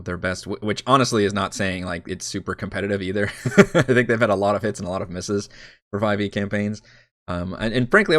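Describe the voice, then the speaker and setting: A man's voice: low-pitched, a bit bright, no echo, clean studio sound. A man preparing his tabletop game on a live stream, talking casually, rambling and correcting himself. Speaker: dungeon master.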